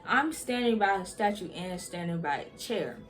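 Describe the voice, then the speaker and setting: A young woman vlogger telling a heated storytime, talking in an animated, emphatic and slangy way. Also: mid-range voice, normal speed, a little hiss or hum. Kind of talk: storytime vlog.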